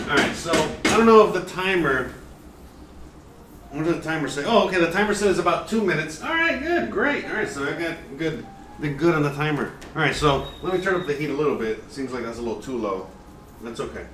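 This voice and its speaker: A man's voice: a little high, sing-song, fairly quick, fairly bright tone. Rambling man cooking far from mic. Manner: rambling, filler-heavy, jokey. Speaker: cooking streamer, former chef. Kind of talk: casual live cooking stream. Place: home kitchen. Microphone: distant from the mic. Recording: roomy, distant, noisy home recording.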